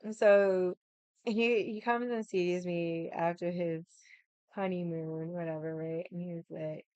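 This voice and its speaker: A woman's voice: fairly low pitch, fairly even intonation, measured pace, darkish tone, smooth, dry recording, lo-fi sound. A woman vlogger in casual chat, telling a rambling story bluntly and swearing freely.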